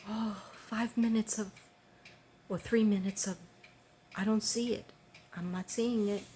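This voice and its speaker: A woman's voice: mid-range voice, steady tone, unhurried, mellow, a little hiss or hum. An older woman chatting casually to her viewers, rambling with many ums and restarts. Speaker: vlogger.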